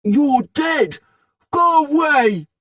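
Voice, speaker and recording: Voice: high voice, lively intonation, drawn-out words, fairly bright tone, dry recording, studio quality, far from the mic, voice pushed up, heavily acted. A narrator voicing a nervous boy who keeps trying to back out. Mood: scared. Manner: reluctant, wary.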